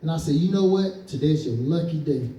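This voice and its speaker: A man's voice: fairly high pitch, fairly quick, mellow. A man from East Saint Louis doing a stand-up comedy set on a club stage, telling stories and acting out the people in them. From East Saint Louis, Illinois. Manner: storytelling with acted-out quotes. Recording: roomy club sound from a distance.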